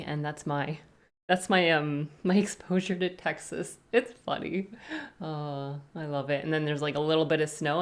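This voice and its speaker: A woman streamer chatting casually on a live stream, greeting viewers one by one with rambling asides. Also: low-pitched.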